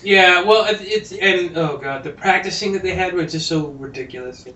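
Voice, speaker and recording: A man's voice: high-pitched, moderate pace, bright, forceful tone, slight background noise. A man co-hosting a podcast, chatting casually about a movie, reading trivia aloud and cracking jokes. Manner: chatty, reads trivia aloud, jokey asides. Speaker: podcast co-host. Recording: roomy echo.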